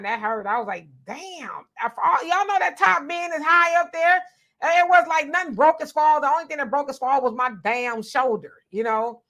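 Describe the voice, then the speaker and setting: Woman, fairly high voice, from Southern California, casual live-stream co-host, animated storyteller. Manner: animated, talks straight to viewers, tells stories.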